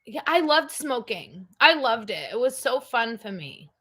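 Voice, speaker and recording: A woman's voice: on the high side, big pitch swings, a little slow, sharp tone, breathy edge. A middle-aged woman hosting a livestream, chatting casually in a blunt, rambling way. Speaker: livestream host. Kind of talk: casual chat.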